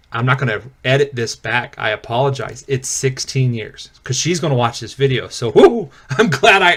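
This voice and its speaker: Earnest guy vlogging, kinda high voice, stumbles and repeats himself a lot. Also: a bit bright. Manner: halting, repeats words, emotional and earnest. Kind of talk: personal video diary.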